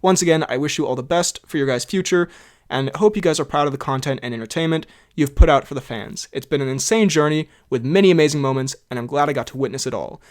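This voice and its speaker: A man's voice: on the high side, fast talker. A young man co-hosting a podcast, reading out listener comments with jokey asides and frequent laughter. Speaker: podcast co-host.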